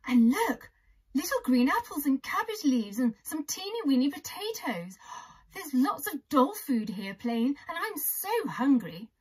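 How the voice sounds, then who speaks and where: A woman voicing Pearl, a small eager wooden girl doll in a storybook, with an excited, wondering manner. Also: high-pitched, a little slow, voice pushed up.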